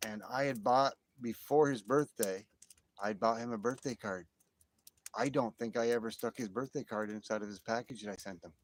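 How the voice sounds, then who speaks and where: At night beside an outdoor fire, a man holds his phone and hosts a casual livestream, chatting with viewers. His medium-pitched voice moves at a moderate pace over a slight hiss or hum, and he rambles, exclaims and gets excited easily.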